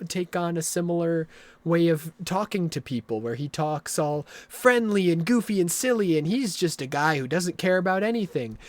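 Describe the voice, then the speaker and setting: A man streaming a video game live, explaining the story at length in a rambling, excitable way and swearing often. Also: fairly high pitch, no room sound.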